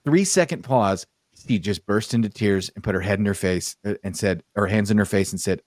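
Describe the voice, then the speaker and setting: A man with a fairly low voice telling a long story in casual podcast chat, acting out the lines of the people in it. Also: a little fast, no room sound, studio quality. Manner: animated storyteller acting out his own dialogue. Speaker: podcast host.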